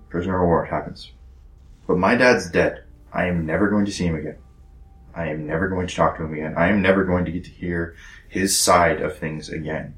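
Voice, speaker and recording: A man voicing a guilt-ridden, tender young rebel fighter in a tabletop role-play, hesitant and soft, trailing toward whispers, in a roomy space. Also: sits low. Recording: roomy echo.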